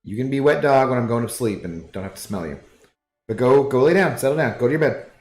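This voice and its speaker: A man with a medium-pitched, lively, slightly mellow voice talks fast while streaming a game from his apartment living room. He rambles in a laid-back way and reads viewers' chat aloud, with a roomy echo and faint music in the recording.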